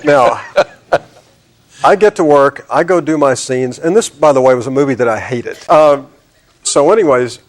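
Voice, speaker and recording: A middle-aged man, a talk show guest telling a drawn-out anecdote and acting out his own exasperation. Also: medium pitch. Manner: drawling storyteller, acting out exasperation.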